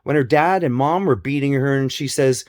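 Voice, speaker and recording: Addressing viewers straight on in a personal vlog, a man with a medium-pitched, darkish voice delivers a monologue about family abuse at a moderate pace. He repeats himself emphatically and swears openly, and the recording is dry.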